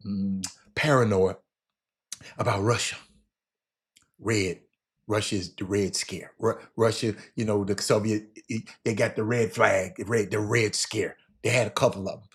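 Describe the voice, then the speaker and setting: A man hosting a casual history talk, animated, stumbling and repeating words as he addresses his listeners directly. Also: fairly low pitch. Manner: animated, repeats words, talks to audience as y'all. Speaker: host.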